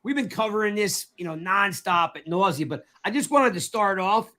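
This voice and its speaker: A man's voice: sits high, lively intonation, normal speed, sharp tone. A man hosting a casual sports podcast, chatting in a friendly, rambling way with frequent restarts. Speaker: podcast host.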